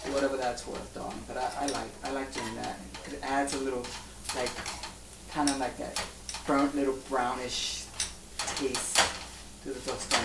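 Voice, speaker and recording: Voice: medium pitch, fairly even intonation, brisk. A flamboyant, campy cooking show host from Puerto Rico who chats casually through a home demonstration and keeps calling the viewers darling and honey. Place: home kitchen. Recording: echoey room from far off with faint noise.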